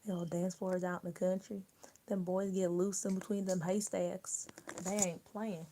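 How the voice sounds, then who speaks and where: A drawling rural Southern country woman, as a young woman puts her on for a laugh. The voice is mellow and warm, and the twang is laid on thick, like a playful impression. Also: on the low side, flat delivery, normal speed, a little hiss or hum, lightly acted. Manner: exaggerated country drawl, read aloud.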